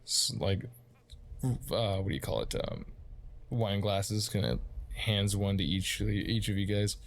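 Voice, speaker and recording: A man's voice: lowish voice, measured pace, vocal fry. A man narrating a tabletop game as game master, casual and rambling with lots of fillers.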